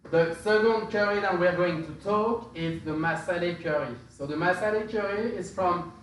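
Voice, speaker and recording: A man talks through spice blends in a loose, halting way, full of fillers and restarted phrases. His voice sits a little high and sounds distant, in a very echoey room with faint noise behind. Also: a bit bright. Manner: hesitant, many fillers and restarts. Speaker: spice expert presenter. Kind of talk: casual explanatory talk.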